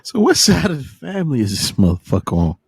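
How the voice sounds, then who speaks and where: A man's voice: a little high, huge pitch swings, quick pace, gravelly, a little mellow, husky, no echo, studio quality. A man co-hosting a podcast, dropping short joking remarks into the chat. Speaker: podcast co-host. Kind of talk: casual chat.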